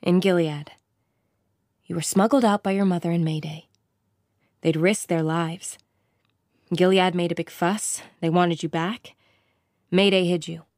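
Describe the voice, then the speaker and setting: A woman reading an audiobook voicing a tired middle-aged man with a scarred face, calm and weary. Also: fairly low pitch, unhurried, pauses often, no room sound, clean studio sound, close to an everyday voice.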